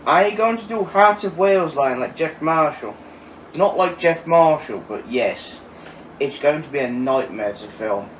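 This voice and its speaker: A man's voice: a little high, lively intonation, a little slow. A man in his twenties answering viewer questions in a casual, chatty way. He laughs often and swears now and then. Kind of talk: casual Q&A chat. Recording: echoey, distant mic with faint ambient noise.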